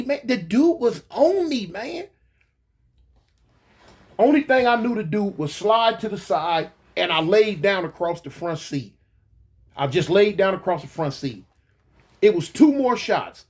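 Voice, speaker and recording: A man casually recounting a past event, animated, stumbling over restarts and mouthing gunshot sounds. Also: high voice. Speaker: guest recounting a shooting. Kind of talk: casual storytelling.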